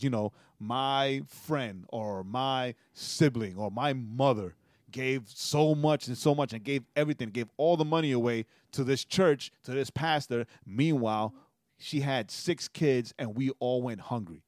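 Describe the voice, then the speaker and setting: A man's voice: medium pitch, a little slow, a little mellow, no room sound. Man telling a story in a dry, close sound. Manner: storytelling, tags nearly every sentence with "right?". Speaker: podcast co-host. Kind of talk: casual chat.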